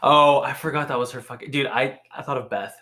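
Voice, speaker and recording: A man's voice: fairly high pitch, pushed and bright. A young man co-hosting a podcast in casual, profane chat, laughing often and full of fillers. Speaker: podcast co-host.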